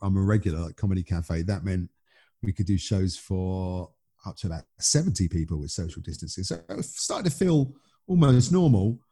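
A man's voice: low-pitched, lively intonation, moderate pace, dark tone, breathy edge. A man, a stand-up comedian, telling a story in a casual, rambling interview chat with many restarts.

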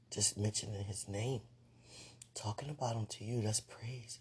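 A woman chatting casually to her online viewers about faith, sleepy and yawning, who keeps slipping into breathy whispered asides. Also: rumbling low, moderate pace, slight background noise. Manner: sleepy, yawning, animated bursts. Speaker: online talk host.

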